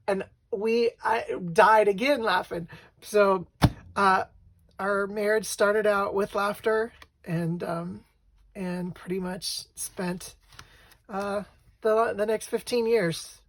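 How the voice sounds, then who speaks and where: A middle-aged woman casually showing her craft work, soft and rambling, with lots of fillers and restarts. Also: medium pitch, a little slow. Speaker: craft vlogger.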